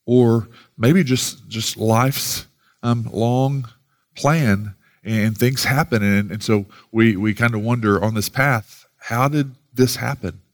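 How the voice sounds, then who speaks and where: A man's voice: mid-range voice, slow. A man giving a sermon as a pastor, talking in a loose, casual way with many fillers and restarts.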